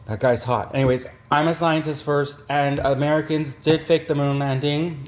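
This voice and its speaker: Rambling deadpan Canadian comedian. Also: male voice, medium pitch. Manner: rambling, deadpan, many fillers. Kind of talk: deadpan satirical monologue.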